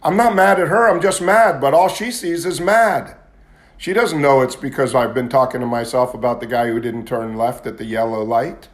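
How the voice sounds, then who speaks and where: A man's voice: mid-range voice, normal speed. A man giving a candid, confessional talk at a recovery meeting, at times building into agitated intensity. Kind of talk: personal testimony talk.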